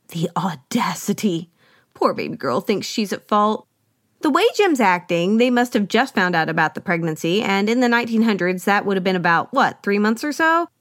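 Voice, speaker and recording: A woman's voice: medium pitch, no room sound, clean studio sound. A woman hosting a podcast, giving a chatty, wry solo recap of a film with playful asides. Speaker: podcast host. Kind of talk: solo movie recap commentary.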